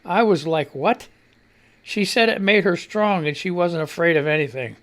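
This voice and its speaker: This Missouri man speaks at a normal speed in a voice that sits high. Hosting a live radio show, he keeps things loose and rambling, reading social media posts aloud, often laughing and cursing without restraint.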